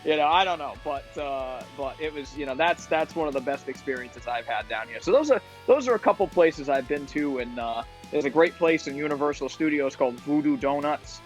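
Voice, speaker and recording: A man's voice: a little high, a little fast, hardly any pauses, faint music behind. A man from Rhode Island, a podcast guest, chatting casually and rambling with easy laughs. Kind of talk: casual chat.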